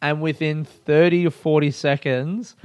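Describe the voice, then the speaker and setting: A man's voice: fairly high pitch, fairly even intonation, measured pace, a little mellow, clear, resonant tone, no echo. A young man hosting his own podcast, telling rambling stories with frequent swearing and laughter. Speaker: comedian and podcast host. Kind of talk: casual solo podcast chat.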